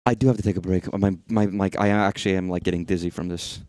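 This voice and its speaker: A man rambles through a game stream, joking and swearing as he goes. His voice sits low, and loud game music plays underneath him. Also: fairly even intonation, fast. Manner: profane, rambling, jokey. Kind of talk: casual game commentary.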